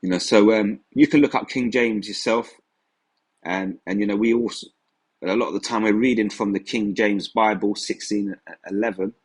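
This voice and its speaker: A man's voice: on the low side, fairly even intonation, normal speed, breathy edge. A man giving an informal religious teaching in a conversational way, often saying "you know". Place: England.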